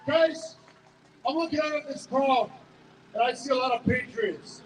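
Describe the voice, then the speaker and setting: A man's voice: very high voice, a little slow. Man, rally speaker, stammering, emotional, outdoor square, faint street noise. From Canada. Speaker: rally speaker, business owner. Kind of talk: impassioned rally speech. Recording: echoey outdoor PA from far off.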